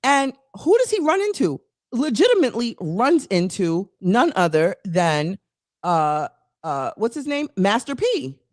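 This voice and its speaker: Woman cohost rambling thru a story, super animated, voice all over the place, dry mic. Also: mid-range voice, unhurried, dry recording. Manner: animated, rambling, restarts stories. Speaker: co-host. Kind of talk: casual chat, storytelling.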